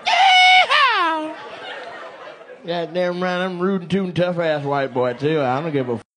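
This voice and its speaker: A man's voice: on the high side, fairly even intonation, a little fast, natural voice. Man putting on a hollering rowdy cowboy. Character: rowdy tough white cowboy man, brash. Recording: live club with loud crowd.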